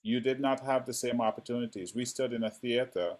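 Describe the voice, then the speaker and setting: A male actor talking as a guest on a podcast. His voice sits at an ordinary middle pitch. He tells his stories eagerly and keeps checking in with his listener by asking "right?". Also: fairly quick, darkish tone. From Canada. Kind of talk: casual chat.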